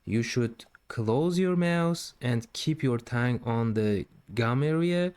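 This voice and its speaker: A man's voice: mid-range voice, expressive, slow pace, darkish tone, clear, resonant tone. A man teaching Quran recitation step by step, patiently repeating syllables and drawing out the recited words. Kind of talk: step-by-step tajweed lesson.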